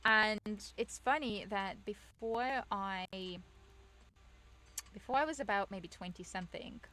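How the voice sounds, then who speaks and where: A woman's voice: medium pitch, measured pace, bright, forceful tone, rough recording. A woman from England, chatting casually on stream, telling rambling stories and reading chat aloud, full of fillers and restarts.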